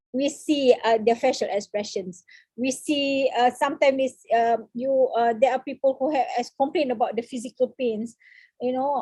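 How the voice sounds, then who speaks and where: A Malaysian woman lectures on counseling in a high-pitched voice, pausing often with fillers and dropping in the odd Malay word. The sound is close and dry, with no room around it, as over a video call. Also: darkish tone, dry recording. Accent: Malaysian English. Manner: halting, many fillers, mixes in Malay words. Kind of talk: seminar lecture.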